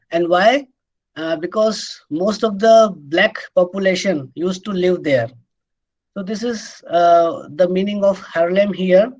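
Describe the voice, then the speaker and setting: A man giving a classroom lecture, explaining patiently, repeating his points and pausing often on "uh". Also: high-pitched, rough recording.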